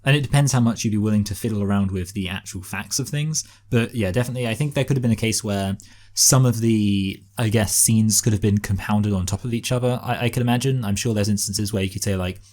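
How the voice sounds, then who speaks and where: Fast-talking low-voiced man, halting. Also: a little mellow. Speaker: podcast co-host. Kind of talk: casual film review chat.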